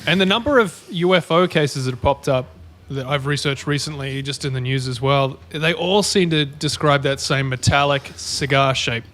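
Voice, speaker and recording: A man's voice: mid-range voice, moderate pace, fairly bright tone. A man co-hosting a podcast in casual chat, easygoing and agreeable. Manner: easygoing, agreeable, short replies. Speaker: podcast co-host.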